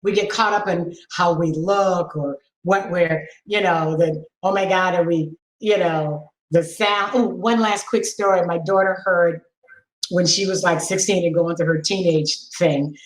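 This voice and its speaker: A middle-aged woman speaking as a podcast guest and sex educator, frank and animated, coaching listeners with a string of rhetorical questions. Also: fairly low pitch, unhurried, reverberant, low-quality recording. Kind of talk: podcast conversation.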